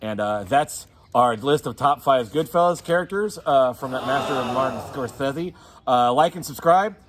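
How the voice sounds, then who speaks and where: A man's voice: mid-range voice, moderate pace, noisy background. A man with a Southern US accent co-hosting a casual movie chat, rambling and profane, laughing often. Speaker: co-host.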